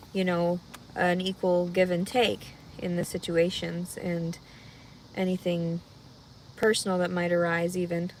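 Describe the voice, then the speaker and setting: A heavily pregnant woman chatting casually with viewers on a livestream, rambling and anxious, her voice jumping into loud high cries when she gets upset. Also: slight background noise. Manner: rambling, talks through her worries out loud. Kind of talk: casual live chat.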